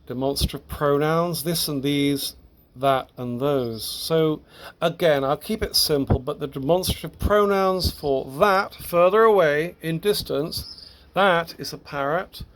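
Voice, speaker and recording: Slow, halting male grammar teacher. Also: fairly high pitch, fairly bright tone. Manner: slow, halting, with restarts and self-corrections. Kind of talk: explaining grammar step by step.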